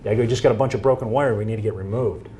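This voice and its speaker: A man giving a presentation to an audience, telling stories and acting out quoted dialogue in an animated way. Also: on the low side, very fast, slight background noise.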